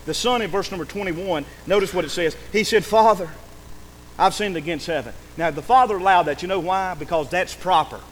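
A man's voice: high voice, a little fast, few pauses, fairly bright tone, slight background noise, rough recording. A man, a pastor, preaching a sermon emphatically, acting out quoted speech and calling for amens.

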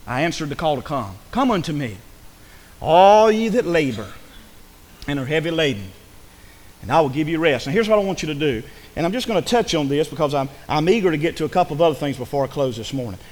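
A man preaching a sermon in church, swinging between loud, emphatic passages and hushed ones. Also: sits high, big-room sound. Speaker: pastor.

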